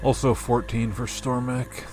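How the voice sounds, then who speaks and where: A man's voice: medium pitch, little pitch movement, unhurried. A man playing a tabletop game, dry and plainspoken at the table. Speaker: player. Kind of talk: casual tabletop play.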